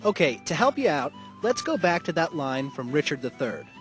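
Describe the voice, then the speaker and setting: A man with a fairly high voice narrates an educational lesson in a clear, instructive way. His intonation is animated, and quiet music plays behind him. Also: normal speed.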